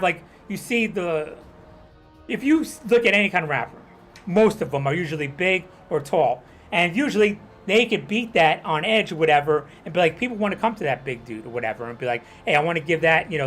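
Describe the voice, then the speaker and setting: A man's voice: high-pitched, fairly bright tone. A young adult man streaming a game and ranting in a casual, rambling way, heated and profane, who keeps saying "you know what I'm talking about". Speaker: gaming streamer. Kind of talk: casual livestream rant.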